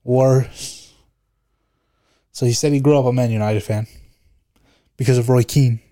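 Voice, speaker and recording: A man's voice: medium pitch, fairly even intonation, unhurried, mellow. Laid-back young man swearing casually. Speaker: podcast host. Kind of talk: casual chat.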